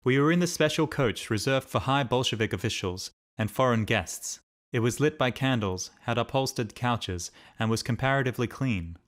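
A man narrating a diary as an audiobook in a steady, measured reading. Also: medium pitch.

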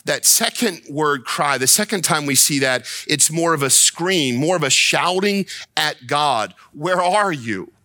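A man's voice: fairly high pitch, lively intonation, measured pace, hardly any pauses, bright, forceful tone, dry recording. A man preaching a sermon as a pastor, impassioned, repeating himself and rising to pleading cries. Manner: repeats words and restarts when worked up.

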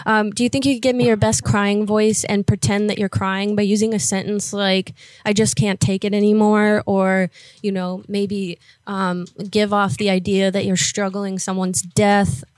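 A woman's voice: mid-range voice, flat delivery, normal speed, no echo. A woman interviewing someone by phone, talking casually with many fillers and encouraging words.

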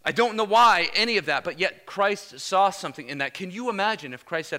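Man, pastor, energetic sermon, casual slang, high voice, bright tone. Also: a little fast. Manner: energetic, casual slang, repeated "Amen?" calls.

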